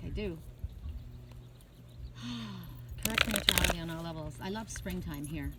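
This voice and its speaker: A woman reads oracle cards beside a lake, her voice gentle and chatty as she drifts into little asides. She talks into a phone camera outdoors. Outdoor ambience and passing traffic sit clearly behind her. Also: fairly low pitch, measured pace, long pauses. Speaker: oracle card reader. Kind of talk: outdoor card reading vlog.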